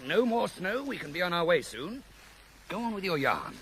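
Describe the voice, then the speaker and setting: A man's voice: high-pitched, big pitch swings, moderate pace, fairly bright tone, a little hiss or hum, exaggerated voice. An actor playing a dry, skeptical male police inspector in a radio drama.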